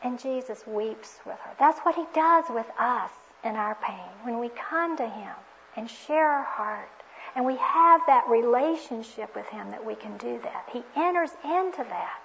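A woman with a high voice preaches a sermon, earnest and reflective, often posing questions to her listeners. The recording is dull and lo-fi. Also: expressive, unhurried, creaky, fairly bright tone, slight background noise.

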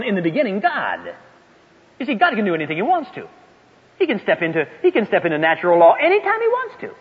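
An older man preaching a sermon in a folksy, emphatic way, his voice swinging up and down. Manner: animated, swooping pitch, folksy and emphatic. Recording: echoey hall, dull lo-fi sound.

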